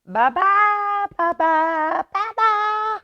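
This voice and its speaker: A squeaky little bear cub. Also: female voice, expressive, very slow, no room sound, muffled recording, soft background music, heavily acted. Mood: cheerful. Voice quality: high squeaky. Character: small squeaky young female bear cub.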